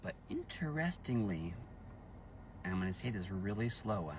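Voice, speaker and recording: A man telling a personal family story slowly and emphatically, repeating himself for effect, with his voice rising in angry bursts on key points. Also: lowish voice, lively intonation, bright, forceful tone, slight background noise. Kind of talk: emotional personal vlog storytelling.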